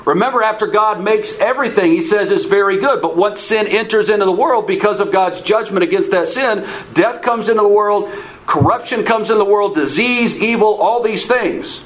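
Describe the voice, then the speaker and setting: A man with a notably high voice leads a conversational Bible study. He talks loosely, restarts his phrases and keeps checking in with his listeners by asking "okay?" and posing questions to the group. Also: moderate pace, low-quality recording. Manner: informal, repeats words, checks in with "okay?"; asks the audience questions. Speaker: Bible teacher.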